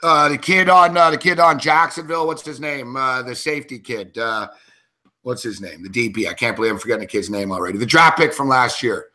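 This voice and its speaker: A man's voice: medium pitch, a little fast, pushed and bright. A man co-hosting a sports betting show, talking casually and ranting with lots of swearing. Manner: profane, ranting, worked up. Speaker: co-host and sports handicapper.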